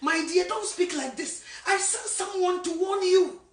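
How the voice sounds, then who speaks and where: A woman voicing God, who speaks slowly and softly to a sinner. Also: very high-pitched, far from the mic, a little hiss or hum, voice pushed up. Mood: tender rebuke. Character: God gently rebuking a sinner. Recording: echoey room, voice from afar.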